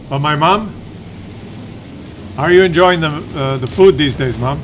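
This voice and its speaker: A man with a fairly high voice rambles through stories as he plays a tank game, drifting off mid-sentence and circling back. His talk is loose and unscripted, with a faint hiss of noise in the background. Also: unhurried, long pauses. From Ontario, Canada. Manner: meandering storyteller, drifts off and loses his thread. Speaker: gaming channel host. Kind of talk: rambling chat while playing a tank game.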